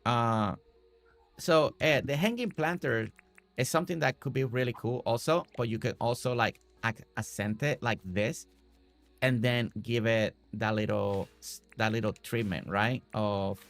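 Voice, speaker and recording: A young man hosts a casual game livestream, his mid-pitched voice carrying a gravelly edge. He rambles excitedly, restarting sentences as ideas come. The sound is close and dry. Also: measured pace, dry recording, soft background music. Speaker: streamer.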